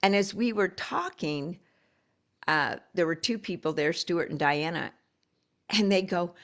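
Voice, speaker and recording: A woman with a low, gravelly voice leads a live coaching call. She talks in a loose, storytelling way and often restarts her sentences. She sounds like she is speaking into a video call. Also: expressive, unhurried, fairly bright tone. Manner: storytelling, encouraging, conversational with restarts.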